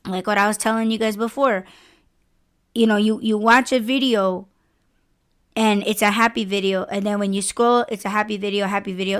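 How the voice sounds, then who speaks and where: A woman's voice: medium pitch, a bit bright. A woman hosting a podcast, chatting candidly and expressively, swearing freely as she rambles. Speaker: podcast host. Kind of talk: casual podcast chat.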